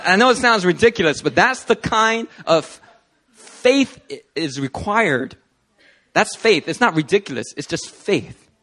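Lively man giving a sermon-style talk. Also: medium pitch. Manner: animated storytelling, conversational with fillers. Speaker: Christian teacher. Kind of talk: sermon-style video talk with personal stories.

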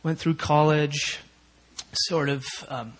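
Minnesota guy telling his testimony at church, emotional and rambly, kinda high voice. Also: fairly even intonation, takes it slowly. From Minnesota, USA. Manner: emotional, rambling, full of fillers. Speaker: church member giving a testimony. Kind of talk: personal testimony at a prayer meeting.

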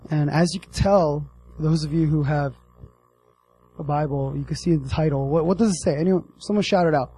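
A man preaching a casual sermon with a slightly high, husky voice. He jokes, teases and calls out to the crowd in an animated way. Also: a little fast, poor audio. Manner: animated, joking, addresses the audience directly.

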